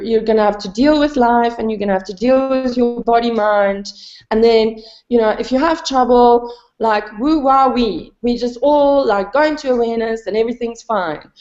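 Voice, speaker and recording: A woman's voice: fairly high pitch, a little mellow, echoey room, dull audio. A woman talking candidly in a spiritual gathering, rambling and self-deprecating with many fillers. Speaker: satsang participant.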